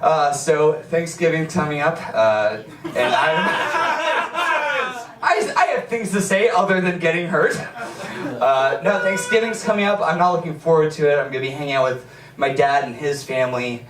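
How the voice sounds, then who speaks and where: A young man with a high-sitting, animated voice performs a live stand-up set at a small comedy venue, speaking at normal speed and laughing through pain with yelps. He's far from the mic in an echoey room, and a loud crowd's laughter fills the background.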